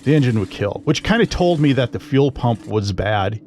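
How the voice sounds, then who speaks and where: Regular guy telling his haunted car story, rambly, lots of you knows, mid pitch. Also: expressive, moderate pace, darkish tone, slight background noise. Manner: rambling, conversational, many fillers. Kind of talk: personal ghost story narration.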